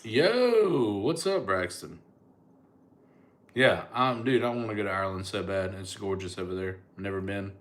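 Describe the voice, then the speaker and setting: A man's voice: low voice, moderate pace, fairly bright tone. A middle-aged man, a comedian chatting casually on a livestream and answering viewers' comments. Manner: laid-back, chatty, thanks viewers by name.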